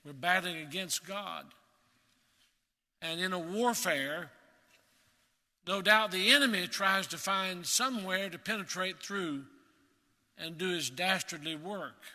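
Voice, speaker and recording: A man preaching a sermon in an earnest, emphatic way, slowing down to stress key words. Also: high voice, pushed and bright, long reverb tail.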